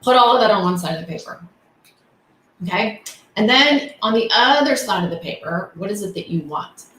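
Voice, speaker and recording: A woman's voice: medium pitch, expressive, moderate pace, a bit bright. A middle-aged woman coach talking candidly and casually, full of fillers and rhetorical questions. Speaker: coach and host. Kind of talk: casual motivational talk. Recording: echoey room, faint noise.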